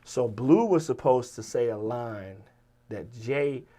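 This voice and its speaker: A man's voice: mid-range voice, animated, slow, warm tone. A middle-aged man, a rapper telling stories in a casual interview, swearing freely and acting out the people he quotes. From Virginia. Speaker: rapper and writer, interview guest.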